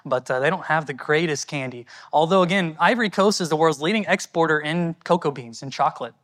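A man's voice: fairly high pitch, a little fast, fairly bright tone. A man from the United States, a missionary answering audience questions at a church in an earnest, conversational and thankful way.

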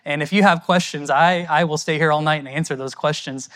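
A man's voice: a little high, fairly even intonation, a little fast, a bit bright. A man from the United States, a missionary answering audience questions at a church in an earnest, conversational and thankful way.

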